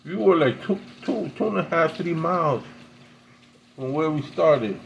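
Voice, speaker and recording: A man with a somewhat high voice tells a story in a loose, rambling way, laughing often and stumbling over repeated words. A faint hiss sits under the recording. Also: lively intonation, measured pace, vocal fry, rough recording. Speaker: pipe-smoking video host. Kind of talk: casual storytelling.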